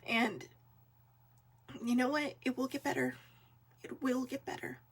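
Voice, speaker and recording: A woman hosts a casual vlog and speaks straight to her viewers, earnest and gently encouraging. Her voice sits a little high and has a husky, breathy edge. She leans on relaxed fillers as she talks. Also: a little slow. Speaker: vlog host. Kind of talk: casual heartfelt talk to viewers.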